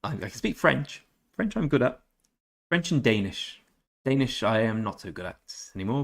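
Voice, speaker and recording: Low in pitch yet fairly bright in tone, this gaming streamer speaks with lively intonation. During a casual live-stream chat, he reads and responds to viewer comments while trying out some hesitant German.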